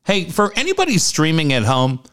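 A man's voice: on the high side, fairly quick, clean tone. A middle-aged man chats as co-host of a casual talk show. His voice jumps up and down a lot as he tells a self-mocking story, with plenty of swearing. It is loose, playful banter. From Southern California. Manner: animated storyteller, swears, laughs at himself. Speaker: podcast co-host. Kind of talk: casual chat.

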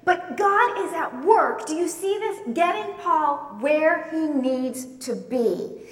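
A woman's voice: very high voice, lively intonation, takes it slowly. A woman preacher giving a sermon, telling stories with emphatic, swelling delivery. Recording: echoey hall, voice from far off.

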